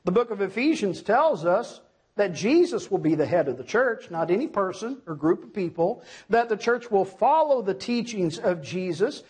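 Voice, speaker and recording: A man's voice: high-pitched, husky. A middle-aged man preaching a sermon, emphatic, asking the congregation questions and answering them himself.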